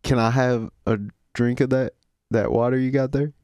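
A young man co-hosting an improv comedy podcast, low-key and deadpan. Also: moderate pace, dry recording, studio quality. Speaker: podcast co-host.

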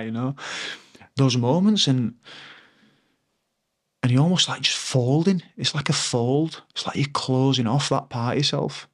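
A man in his thirties, a former rugby player, talking reflectively and earnestly in a podcast interview, often pausing to find his words. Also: medium pitch, fairly even intonation.

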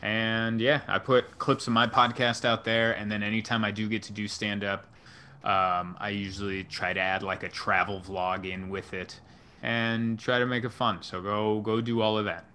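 A man's voice: lowish voice, flat delivery, normal speed, bright, forceful tone, clean tone. A man who is a stand-up comedian, chatting as a podcast guest in an offhand, joking way. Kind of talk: casual podcast chat.

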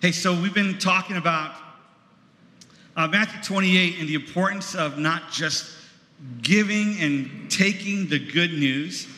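A man's voice: high voice, measured pace, sharp tone. A man with an American accent preaching a sermon in a church, talking in a loose, conversational way with lots of fillers. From United States. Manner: conversational, rambling with many fillers. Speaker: pastor. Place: church sanctuary. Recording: echoey hall, long reverb.

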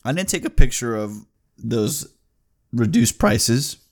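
A man in his twenties telling a story as a casual vlog rant, heated and profane, often getting loud and high. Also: big pitch swings, takes it slowly, vocal fry. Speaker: vlogger.

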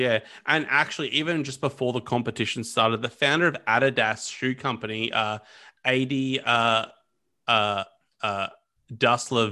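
Bright-voiced man co-hosting a podcast. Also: medium pitch. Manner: chatty, lots of fillers and restarts. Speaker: podcast co-host. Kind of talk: casual history podcast chat.

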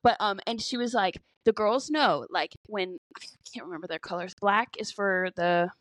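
A woman's voice: mid-range voice, moderate pace, no room sound. Chatty young woman podcast co-host, dry sound. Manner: chatty, hedging, swears casually. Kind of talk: casual chat.

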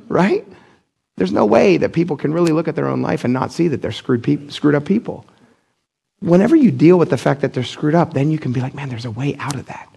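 A middle-aged pastor from Pennsylvania delivers a sermon with a slightly high, husky voice. His talk is casual and blunt, and he acts out the people he quotes with leaps upward in his voice. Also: animated, brisk, dark tone. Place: church.

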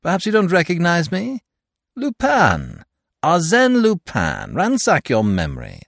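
A man voicing a suave, teasing young gentleman thief who talks in a playful, mock-affectionate way. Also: on the high side, wildly swooping pitch, a little slow, gravelly, dry recording, studio quality, voice pushed up, full character voice.

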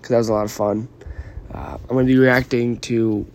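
A man's voice: mid-range voice, fairly even intonation, a little fast, a little mellow, slight background noise. A young man chatting casually and meandering on his podcast while fighting a cold and yawning, with lots of ums and apologies. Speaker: vlogger and podcaster. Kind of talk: casual rambling chat.

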